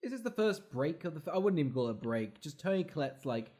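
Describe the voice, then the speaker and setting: A man co-hosting a casual film-review podcast, recapping scenes in an animated, profane way with laughing asides. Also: fairly high pitch, fast talker. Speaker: podcast co-host.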